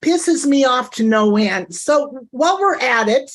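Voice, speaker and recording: A woman's voice: sits high, expressive, a little slow. A woman streaming live reaction commentary, indignant and talking straight to her chat.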